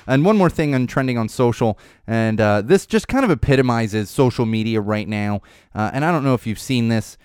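A young man riffing on his podcast in a smooth, resonant voice. He rambles from topic to topic with a wry, animated manner and drops in casual swearing, recorded close and dry with no room sound. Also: medium pitch, fairly quick, no room sound. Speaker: podcast host.

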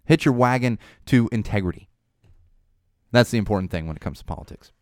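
Wry, rambling podcast host. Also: male voice, fairly low pitch, a little fast, no room sound, studio quality. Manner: rambling, wry, animated, swears casually. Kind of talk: casual podcast monologue.

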